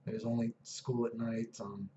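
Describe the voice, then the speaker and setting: A man in his thirties talks loosely into the camera, wandering from story to story and peppering everything with "dude" and swearing. His voice is dark and mellow, and the recording is muffled, with a roomy echo. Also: fairly low pitch, little pitch movement, moderate pace, slight background noise. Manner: casual, profane, keeps saying "dude" and "you know what I mean". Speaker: vlogger. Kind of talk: rambling personal storytelling.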